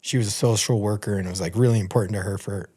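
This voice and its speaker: Animated man telling a profane story. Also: fairly low pitch, racing, breathy edge. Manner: animated, profane, acts out quotes in a raised voice. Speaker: podcast guest. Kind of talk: casual storytelling.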